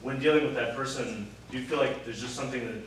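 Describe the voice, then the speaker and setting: A man's voice: medium pitch, steady tone, fast talker. A man interviewing, asking long, hesitant questions and thinking aloud. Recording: distant echoey recording with clear noise.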